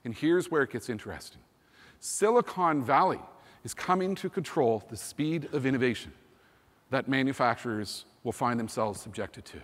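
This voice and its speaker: Energetic man in his fifties, echoing hall. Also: medium pitch, moderate pace. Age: 50s. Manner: energetic, emphatic, repeats "think about" and "you know". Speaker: keynote speaker. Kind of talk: conference keynote talk. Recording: long hall reverb.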